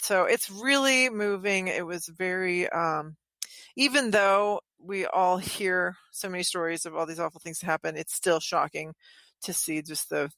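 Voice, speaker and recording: A woman on a podcast talking casually and earnestly, pausing often with ums as she searches for words. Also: low-pitched, fairly bright tone, no echo. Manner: halting, many ums, earnest.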